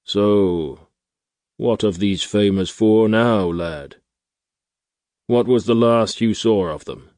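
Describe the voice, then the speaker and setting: A man voicing an old male minstrel in a tavern, gentle and wry, speaking softly in an audiobook. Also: lowish voice, slow, pauses often, dry recording. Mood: soft curious. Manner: soft, quiet, teasing.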